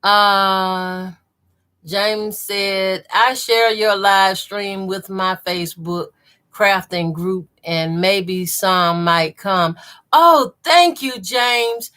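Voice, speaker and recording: A woman with a Southern accent hosts a live quilting stream, greeting each viewer by name and reading their comments aloud. She talks slowly and easily, with a bright, clear tone. She keeps saying y'all. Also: mid-range voice. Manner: says y'all a lot. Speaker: quilting channel host. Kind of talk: live stream chat while sewing.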